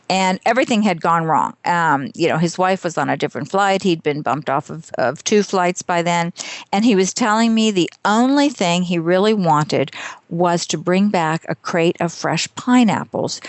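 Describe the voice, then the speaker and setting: A woman's voice: on the low side, no room sound. Chatty middle-aged woman, dry close sound. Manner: animated, self-deprecating storytelling with frequent laughter. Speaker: guest author. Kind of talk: conversational interview.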